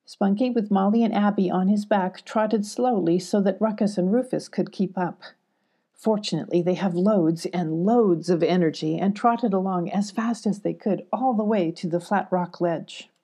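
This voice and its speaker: A woman reads a children's animal story aloud in a gentle, unhurried way. Her voice is mellow and a little husky. She lifts her pitch when she voices the characters. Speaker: audiobook reader.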